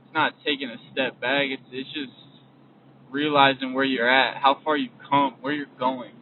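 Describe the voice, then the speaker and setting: A man's voice: medium pitch, level tone, moderate pace. Young man talking from a car. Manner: casual, repetitive, trails off and restarts. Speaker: podcast host. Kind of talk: motivational monologue while driving. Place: in a vehicle. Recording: distant, phone-like lo-fi recording with faint road noise.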